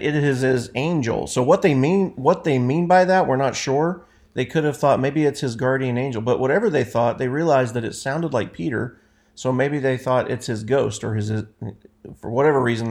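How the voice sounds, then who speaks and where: A man leading an informal Bible study, reading passages aloud and explaining them in a conversational way, often correcting himself. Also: mid-range voice. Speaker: Bible teacher.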